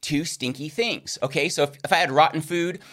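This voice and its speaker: Man, slightly raised pitch, Christian course teacher, earnest, frequent "okay?", recorded lesson. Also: a little fast, fairly bright tone.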